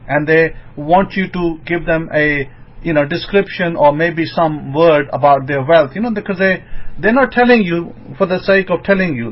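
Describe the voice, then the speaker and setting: A man giving an informal sermon as a rabbi, emphatic and rising into excited bursts. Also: fairly high pitch. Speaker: rabbi teaching. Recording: dull lo-fi recording.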